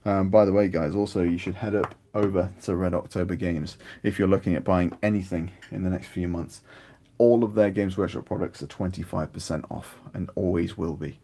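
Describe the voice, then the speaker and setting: British male streamer, low gravelly voice, dark tone, rambling casual hobby chat. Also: fairly quick. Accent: British English. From United Kingdom. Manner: rambling, chatty, grows animated. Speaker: miniature painting streamer. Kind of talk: casual chat while painting.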